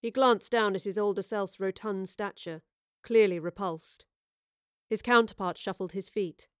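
Woman narrating a story, smooth and clear. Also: medium pitch, measured pace, no room sound, clean studio sound. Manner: steady, expressive storytelling. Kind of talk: scripted narration.

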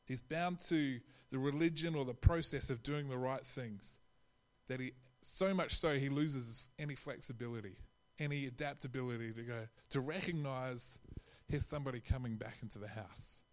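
A man's voice: mid-range voice, moderate pace. A man preaching a sermon in a conversational way, often restarting his phrases and acting out quotes.

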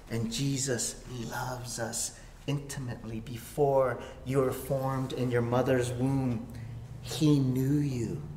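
A man preaching a sermon as a pastor. He swings from loud emphasis down to soft near-whispers. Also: medium pitch, slight background noise. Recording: roomy echo.

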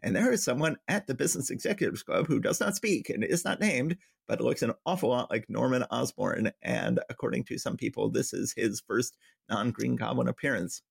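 Gravelly, husky man recapping comics. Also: medium pitch, animated, fairly quick, dry recording, studio quality. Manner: summarizes plots, reading quotes in a light voice. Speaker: podcast co-host. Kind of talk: casual comic-book recap chat.

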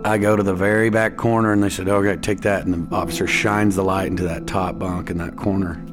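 A man's voice: low-pitched, little pitch movement, fairly quick. A young man, telling his own story in a casual, plainspoken way full of fillers. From East Texas. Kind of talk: personal story told to a radio show. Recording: music playing under the voice.

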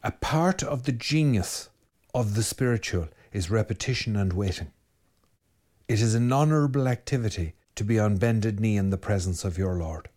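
An Irish man, a Catholic priest, giving a spoken sermon on prayer in an urgent, exhorting way, talking straight to his listeners with quick commands. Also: fairly low pitch, lively intonation, a little mellow. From Ireland. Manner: urgent, exhorting, direct address with rapid commands.

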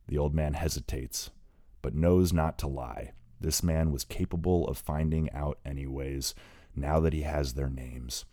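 A man narrating an audiobook in a steady reading voice, now and then correcting small slips. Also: rumbling low, a little slow, dry recording, studio quality.

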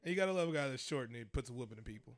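A podcast co-host in his thirties chats casually at a racing pace in a medium-pitched, animated voice, recorded dry. He jokes, swears freely, and rambles loosely now and then.

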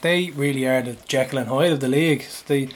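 A man's voice: medium pitch, a little fast. An Irish man co-hosting a football podcast in casual chat, blunt and fiery, swearing freely. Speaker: podcast co-host.

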